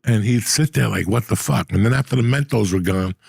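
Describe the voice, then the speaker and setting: A middle-aged man telling profane stories in a casual, animated way, acting out the people he quotes. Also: on the low side, fairly quick, creaky, breathy edge, no room sound, clean studio sound. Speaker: podcast host. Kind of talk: casual storytelling.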